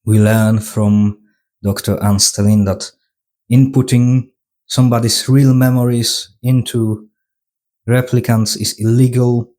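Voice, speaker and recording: Brief: male reviewer, casual retrospective, dry sarcasm, unhurried delivery. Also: fairly low pitch, mellow. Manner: sarcastic plot retelling. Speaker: film reviewer.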